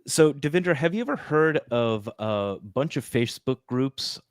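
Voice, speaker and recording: A man's voice: mid-range voice, lively intonation, normal speed, clear, resonant tone, dry recording, studio quality. A man co-hosting a podcast, talking casually with fillers and asides. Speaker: podcast co-host.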